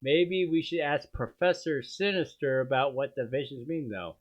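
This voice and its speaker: A man's voice: medium pitch, normal speed, close to an everyday voice. Guy doing a reassuring teen goth girl friend, lo-fi muffled audio. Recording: dull lo-fi stream audio.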